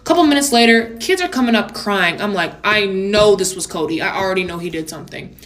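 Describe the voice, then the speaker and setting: A woman's voice: medium pitch, fairly quick. Sassy young woman telling a storytime. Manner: animated, sassy, blunt commentary. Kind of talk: storytime vlog.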